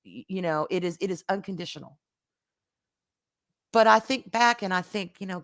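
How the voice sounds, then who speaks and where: A woman's voice: mid-range voice, moderate pace, pauses often, a bit bright. A woman hosting a live vlog, talking earnestly and casually to her viewers, often repeating words as she restarts, and greeting them by name. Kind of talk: heartfelt casual talk to viewers.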